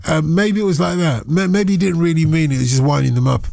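Chatty radio host, dry close sound. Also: male voice, on the high side, quick pace, gravelly, darkish tone, no echo. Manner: chatty, teasing, thinks aloud with asides. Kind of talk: casual radio phone-in chat. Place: radio studio.

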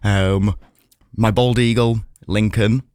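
A man's voice: on the low side, steady tone, takes it slowly, darkish tone, clear, resonant tone, dry recording. Late-twenties Yorkshire man, friendly falconer guest, dry studio sound. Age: 20s. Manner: friendly, enthusiastic, a bit self-deprecating. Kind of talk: studio interview. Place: radio studio.

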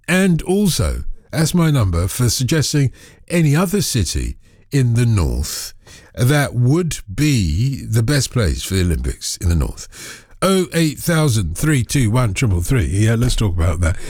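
A man's voice: a little high, darkish tone, no echo, studio quality. A man hosting a radio phone-in, chatting in a playful, teasing way. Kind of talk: casual phone-in chat. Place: radio studio.

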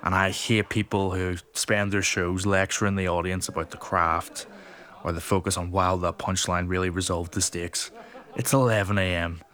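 A man's voice: low-pitched, level tone, normal speed, a bit bright. A male comedian speaking candidly in an interview, explaining how he works a live crowd. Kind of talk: interview talk.

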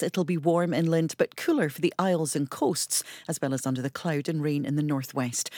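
A woman reading the news and weather on radio in a measured, clear way. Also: deep voice, steady tone, a little mellow, no echo, clean studio sound. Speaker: newsreader and weather presenter. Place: radio studio.

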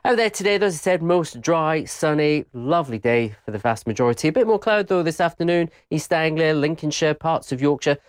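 A male weather presenter talks through the forecast in a bright, chatty way. The sound is dry and close. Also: fairly high pitch, lively intonation, brisk, hardly any pauses, smooth, no echo.

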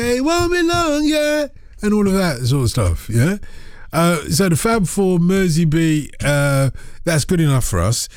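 Male radio host, playful phone-in banter, lively up-and-down pitch, dry studio sound. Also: no echo. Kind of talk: casual phone-in chat. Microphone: studio microphone.

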